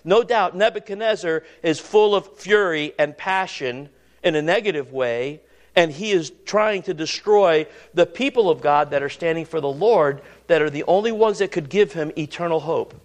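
Male preacher with a high-pitched voice, earnest, sermon cadence full of restarts. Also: moderate pace. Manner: earnest, repeats and restarts words, rises and drops pitch for emphasis.

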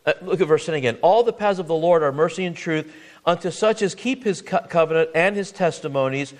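A man's voice: on the high side, brisk. A man preaching a sermon, earnest and searching, often repeating words and asking the congregation questions.

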